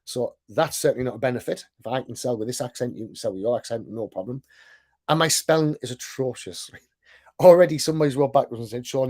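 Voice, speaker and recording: A man's voice: mid-range voice, a little mellow. A man with a thick accent gives a casual sales presentation, chatty and self-deprecating, often checking in with "right?". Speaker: online sales coach and business owner.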